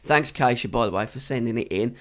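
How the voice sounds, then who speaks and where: A man co-hosts a podcast in casual banter. His voice sits at an ordinary middle pitch. He chats loosely and teases, ending lines with tag questions. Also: fast. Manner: chatty, teasing, asks rhetorical tag questions. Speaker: podcast co-host. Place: cold studio.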